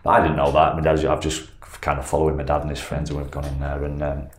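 A footballer guest with an extremely low-pitched voice talks quickly, telling an anecdote casually. He rambles and corrects himself as he goes, getting animated when retelling events, in an echoey room with faint background noise.

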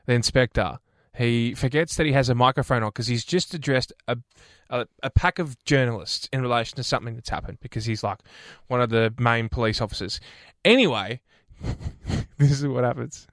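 A man's voice: mid-range voice, no echo, clean studio sound. A man hosting a radio show, chatting playfully and laughing easily. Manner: playful, animated storyteller, quick to laugh. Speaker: radio host. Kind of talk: casual radio chat. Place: radio studio. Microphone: studio microphone.

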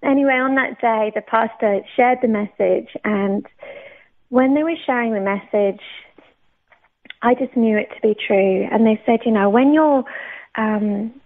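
A woman's voice: a little high, unhurried. Woman telling her story over a narrow radio line. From United Kingdom. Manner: animated storytelling, acting out her own past thoughts. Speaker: interview guest. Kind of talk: personal faith testimony. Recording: narrow phone-like radio sound.

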